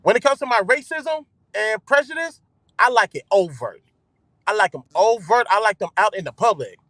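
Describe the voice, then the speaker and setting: A man hosting his own show, ranting loudly with swearing and repeating himself for emphasis. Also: high voice, animated, moderate pace, no room sound. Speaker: host. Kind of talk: ranting live commentary.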